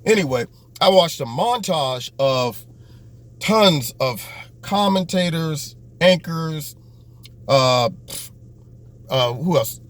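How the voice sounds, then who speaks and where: Male host, fairly high voice, sarcastic political monologue with mocking impressions. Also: animated, slow, long pauses.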